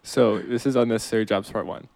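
A man's voice: fairly low pitch, steady tone, quick pace, vocal fry, darkish tone, no room sound. A man co-hosting a comedy podcast, chatting casually, laughing often as he sketches scenes with many fillers. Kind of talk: casual chat.

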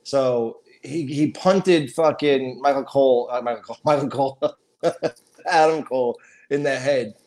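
A man's voice: mid-range voice, unhurried, a little mellow. A middle-aged man in casual chat as a podcast co-host, profane and emphatic, stating strong opinions.

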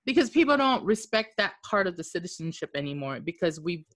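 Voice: medium pitch, big pitch swings, fairly quick, a bit bright. A podcast co-host in casual chat, talking earnestly and rambling with many fillers.

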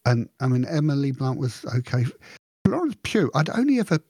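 A man co-hosting a podcast, chatting in a rambling, animated way with frequent restarts. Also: mid-range voice, fairly quick, breathy edge, no room sound, clean studio sound. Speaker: podcast co-host. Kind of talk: casual chat.

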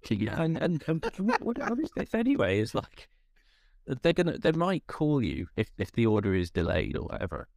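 A man's voice: medium pitch, huge pitch swings, moderate pace, creaky, a little mellow, no room sound, studio quality. A man co-hosting a casual podcast, ranting in an exasperated, rambling way. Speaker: podcast co-host. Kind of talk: casual chat.

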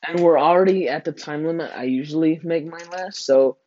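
A man's voice: on the high side, a little fast, dark tone, muffled recording. A teenage boy hosting a casual podcast with a friend, rambling and joking with frequent laughs. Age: teens. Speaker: podcast host.

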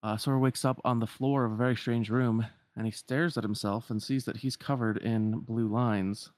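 A man's voice: medium pitch, steady tone, moderate pace, few pauses, darkish tone, no echo. A man casually retelling a story as a podcast host, with lots of filler words.

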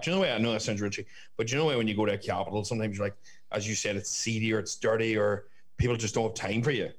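A young man rambling through travel chat, stacking "like" and curses. His voice sits a touch low and his speech is loose and unhurried. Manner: rambling, filler-heavy, swearing. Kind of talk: casual chat.

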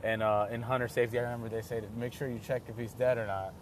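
A young man casually telling a story, rambling and excitable, with many restarts and fillers. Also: medium pitch, very fast, slight background noise.

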